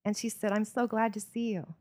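A woman's voice: medium pitch, level tone, brisk, a little mellow. A woman preaching a sermon in a church, telling stories with earnest, varied emphasis.

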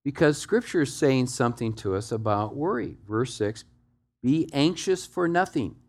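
A male pastor with a mid-range voice and lively intonation preaches at normal speed, guiding the congregation through the text. His emphatic delivery swings widely in volume, from soft, low asides to loud, raised exhortation.

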